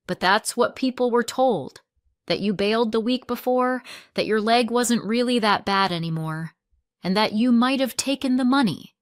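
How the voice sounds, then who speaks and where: A woman's voice: on the high side, moderate pace, no echo, voice pushed up, close to an everyday voice. A woman voicing a kind, hesitant fellow school mom who speaks carefully, in a plain voice close to her own. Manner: careful, gentle.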